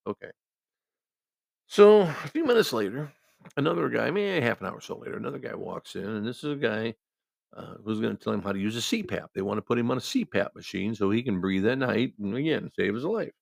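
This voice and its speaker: A man's voice: medium pitch, expressive, fast talker, vocal fry, no echo. A man telling a rambling hospital anecdote in a casual way, with many restarts. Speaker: storyteller.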